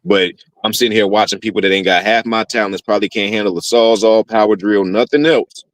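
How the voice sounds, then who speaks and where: A man's voice: lowish voice, a little fast, no room sound, low-quality recording. A man on a podcast panel, a tradesman, talking animatedly in AAVE with lots of profanity and "know what I'm saying.". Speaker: guest panelist, HVAC worker. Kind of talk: casual podcast chat.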